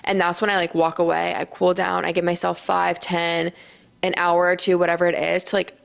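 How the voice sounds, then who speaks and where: A young woman speaks straight to her audience in a chatty, earnest vlog, her fairly low voice often dropping into a gravelly fry. She strings her thoughts together loosely, leaning on filler words as she reflects. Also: flat delivery, a little fast. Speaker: lifestyle vlogger. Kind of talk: casual reflective talk to camera.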